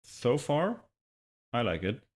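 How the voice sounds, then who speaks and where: A man's voice: medium pitch, very animated, slow. Man with a slight lisp, mic-checking. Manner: muttering to himself while adjusting settings. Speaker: streamer.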